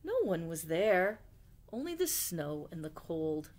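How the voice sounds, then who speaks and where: A woman's voice: fairly low pitch, takes it slowly. Woman reading a children's story aloud. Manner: gentle, expressive read-aloud with questions to listeners. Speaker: librarian storyteller. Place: library.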